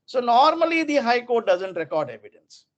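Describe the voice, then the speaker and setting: Casting: Indian male law professor, high voice, deliberate classroom delivery, dull lo-fi sound. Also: very animated. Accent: Indian English, mixing in Hindi. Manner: deliberate, repeats key terms, tells students to underline.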